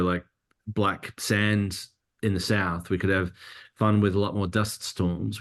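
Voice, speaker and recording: Guest interviewee, male, very low voice, relaxed and searching, plenty of restarts. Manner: relaxed, thinking aloud with many restarts. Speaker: cinematographer guest. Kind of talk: conversational interview.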